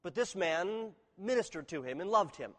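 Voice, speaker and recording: A man's voice: high-pitched, animated, moderate pace. A man preaching an expository sermon, teaching earnestly and reading scripture aloud with emphasis. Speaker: pastor. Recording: reverberant hall.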